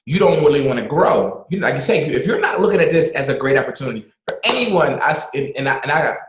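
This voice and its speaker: A man speaking as a guest in a casual conversation, animated and motivational, often repeating words for emphasis. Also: a little high, fast talker, echoey room, a little hiss or hum, rough recording. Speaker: podcast guest. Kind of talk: casual video-call conversation.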